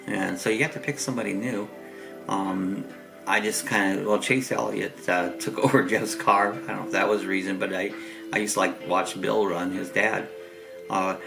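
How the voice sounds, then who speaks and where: Middle-aged Southern Ohio man, chesty and congested, gravelly low voice, rambling easygoing host, faint music underneath. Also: poor audio. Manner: rambling, easygoing, chuckles often. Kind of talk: casual morning chat.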